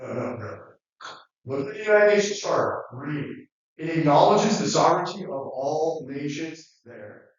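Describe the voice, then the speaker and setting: A man's voice: on the high side, animated, unhurried. Man, lecturer, rambling and conversational, distant mic, muffled echoey room. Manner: rambling, conversational, many fillers and restarts. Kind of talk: classroom lecture.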